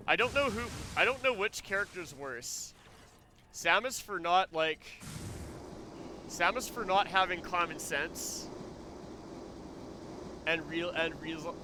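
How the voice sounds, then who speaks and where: A man's voice: on the high side, sharp tone, a little hiss or hum. A man streaming a video game, chatting casually as he plays, rambling and joking with frequent laughs. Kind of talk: casual gameplay commentary.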